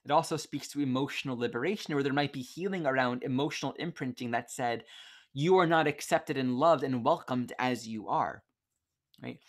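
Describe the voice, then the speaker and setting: A man giving a gentle, reflective astrology lesson over a video call, with self-corrections as he goes. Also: mid-range voice, normal speed. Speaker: astrology teacher.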